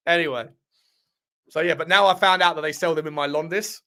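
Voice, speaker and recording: A chatty man hosts a casual live stream, rambling and bantering with viewers. His voice sits a bit high for a man, and he laughs often as he talks. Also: fairly even intonation, fairly quick, sharp tone. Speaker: livestream host reading chat.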